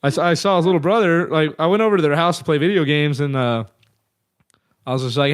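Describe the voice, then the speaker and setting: A man's voice: a little high, fast, smooth, no room sound, clean studio sound. A man in his thirties telling band stories in a casual, profane, rambling way as an interview guest. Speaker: guest musician.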